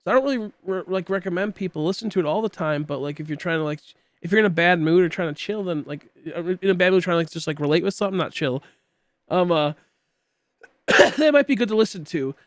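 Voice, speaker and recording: Speaking fast and expressively in a high voice, a man in his late twenties rambles casually through a game stream with lots of fillers. Occasional coughs come from a tickly throat, and there's no room sound.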